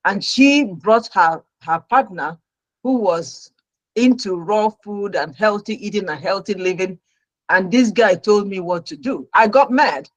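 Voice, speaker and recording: Animated middle-aged woman telling her story. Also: medium pitch, unhurried, no room sound, rough recording. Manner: animated storyteller who acts out her own past reactions. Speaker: talk show guest, registered nurse. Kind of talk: personal story told on a talk show.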